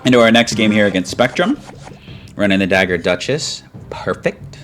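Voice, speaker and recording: A man's voice: fairly low pitch, brisk. A man giving casual live commentary over his own gameplay, calling out his plays and cheering on key moments. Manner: casual, breaks into excited chanting at big moments. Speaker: gaming commentator. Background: background music.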